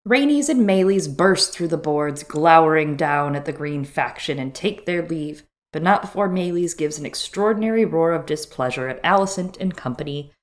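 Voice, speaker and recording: A woman's voice: deep voice, lively intonation, moderate pace, few pauses. A woman co-hosting a casual podcast chat, earnest with joking asides. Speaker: podcast co-host.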